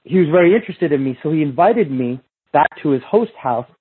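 A man, a movement coach, telling a casual story in an animated, profane way and acting out what other people said. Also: on the high side, a little fast, breathy edge, phone-quality sound.

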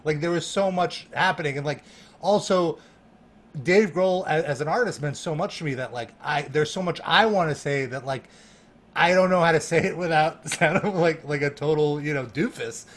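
A man telling a story in a casual chat, animated and laughing, full of fillers and restarts. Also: a little high, normal speed. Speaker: guest.

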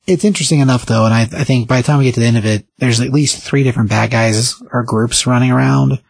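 A man hosts a casual podcast and recaps a comic book in a rambling, animated way. His voice is husky and slightly breathy, with a middling pitch. The sound is dry and close, with no room echo. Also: quick pace. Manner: rambling, animated retelling with quoted character lines.

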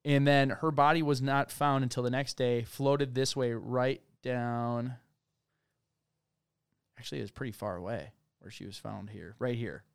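Smooth-voiced man on a dry close mic. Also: medium pitch, fairly even intonation, unhurried, dry recording. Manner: conversational, reads from case documents, thinks aloud. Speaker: podcast co-host. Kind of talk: casual true-crime discussion.

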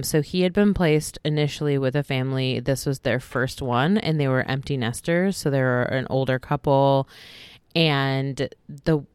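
A woman's voice: sits low, smooth, dry recording, clean studio sound. A woman co-hosting a casual podcast chat, rambling with lots of likes and ums. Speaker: podcast co-host.

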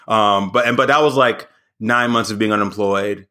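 A man's voice: lowish voice, normal speed. A man in his thirties, a stand-up comic guest on a podcast, telling stories in casual chat with many fillers and restarts. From American South. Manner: animated storytelling, frequent fillers and restarts.

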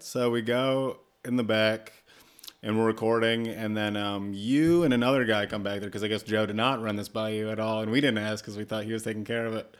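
A young man with a flat, deadpan voice, a comedian telling stories and swearing in casual chat. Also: fairly low pitch, brisk, clean tone. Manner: swearing, animated storytelling. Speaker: podcast host and comedian.

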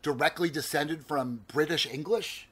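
A man's voice: on the high side, normal speed, breathy edge. A man in his forties with a New Jersey accent, talking in a casual, digressive way with frequent restarts. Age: 40s. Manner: animated, digressive, stammers and restarts, swears casually. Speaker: podcast co-host. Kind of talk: casual chat.

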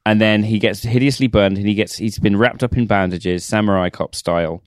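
A man's voice: on the low side, fairly even intonation, fairly quick. A man in a casual film discussion, retelling scenes in detail and reflecting on them as a podcast co-host.

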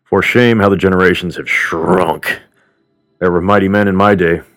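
A man's voice: sits low, steady tone, moderate pace, a bit bright. A man voicing a testy old war counselor with a dry voice. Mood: scolding.

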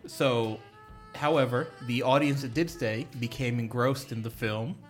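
A man's voice: medium pitch, measured pace, faint music behind. A man co-hosting a casual film podcast, telling a short anecdote in an easygoing, dry way. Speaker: podcast co-host.

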